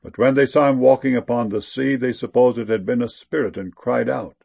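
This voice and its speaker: Guy reading bible verses slow and solemn, husky gravelly low voice. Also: steady tone, a little mellow. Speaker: scripture reader. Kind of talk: reading King James scripture aloud.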